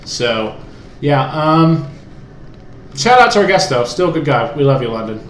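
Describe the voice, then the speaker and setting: A man's voice: mid-range voice, animated, normal speed. A young man co-hosting a casual podcast, rambling with many fillers and restarts, recorded on a cheap USB mic at home. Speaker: podcast co-host. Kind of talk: casual chat. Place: room in his house. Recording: echoey home room, faint hiss.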